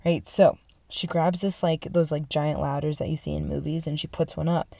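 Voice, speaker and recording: A young woman, her voice sitting a little low, tells a history story casually and excitedly. She swears freely and fills her talk with "like" and "right?". The sound is dry and close. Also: normal speed, creaky, dry recording. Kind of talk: casual profane history retelling.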